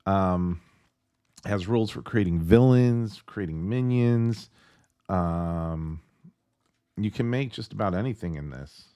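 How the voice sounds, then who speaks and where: Male home reviewer, deep, chatty, excited, rambles with fillers; dry close sound. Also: takes it slowly, long pauses, clear, resonant tone, no echo. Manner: rambling and enthusiastic, with many fillers. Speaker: tabletop game reviewer. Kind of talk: casual video review. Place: at home with his dog nearby.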